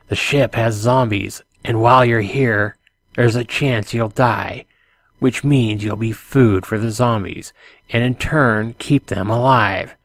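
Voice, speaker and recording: A man voicing a cold middle-aged ship survivor in a light French accent, speaking flatly like a late-night announcer, as whispered role-play. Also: medium pitch, no room sound. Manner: flat, emotionless announcer-like delivery.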